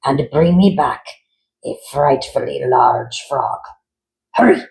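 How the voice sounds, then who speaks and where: A man voicing a grandiose male mad scientist in a storybook reading, with loud, slow, theatrical exclamations. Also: medium pitch, vocal fry. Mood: commanding. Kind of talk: storybook character voice.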